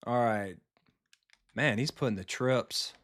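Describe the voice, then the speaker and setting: A man's voice: mid-range voice, slow pace, fairly bright tone. Profane, chatty man streaming a football game. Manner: casual, profane, chatty with viewers. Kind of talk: live gameplay commentary.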